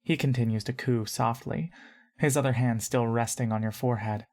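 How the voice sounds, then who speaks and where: A woman narrating a fantasy audio story in the second person, calm and measured. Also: a bass voice.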